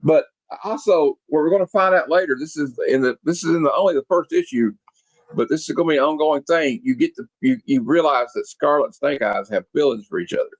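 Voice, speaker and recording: A man's voice: on the high side, fairly quick, no room sound, low-quality recording. A man co-hosting a comic review show, casually recapping the story with lots of fillers and quoted lines. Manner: rambling, with many fillers and restarts, quotes the characters. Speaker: comic review podcast co-host.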